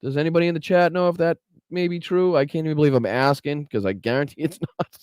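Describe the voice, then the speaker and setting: A man's voice: on the high side, fast talker, a little mellow, smooth, no room sound. A man hosting a political podcast livestream, chatting casually with his chat, swearing freely and sounding sarcastic. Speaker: podcast host.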